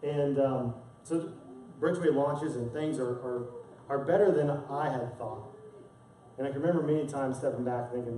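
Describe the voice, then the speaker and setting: A man's voice: medium pitch, normal speed, warm tone, a little hiss or hum. A male pastor delivering a sermon, telling a personal story with earnest emotion and repeating words as he speaks. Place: church sanctuary. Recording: echoey distant church sound.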